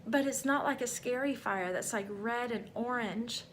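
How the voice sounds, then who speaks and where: A woman's voice: fairly high pitch, normal speed, a little hiss or hum. A middle-aged woman vlogging a personal faith testimony, talking in a rambling, heartfelt way full of fillers.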